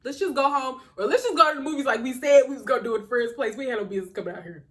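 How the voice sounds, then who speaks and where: Brief: a young woman vlogger with a high voice, telling a personal story in a slangy, animated way. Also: racing. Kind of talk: storytime vlog.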